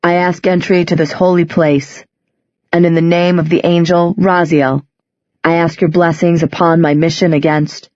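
A woman's voice: lowish voice, level tone, moderate pace, a little mellow, no room sound, close to an everyday voice. A woman reading an audiobook, voicing a sardonic, defiant young man with a dry, sarcastic delivery, in a slightly dull recording.

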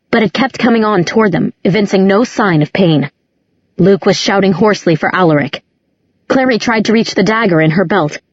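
A woman reading a dark fantasy novel aloud as scripted storybook narration, in a measured, dramatic way. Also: mid-range voice, husky, no echo. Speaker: audiobook narrator. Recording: dull lo-fi audiobook recording.

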